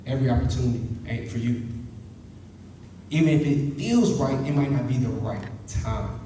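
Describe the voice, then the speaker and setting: A man's voice: medium pitch, normal speed, a little hiss or hum. A man giving a motivational talk to students and leading them in a chant. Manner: energetic, calls the audience to chant along. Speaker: motivational speaker. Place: university hall. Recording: echoey hall, voice from far off.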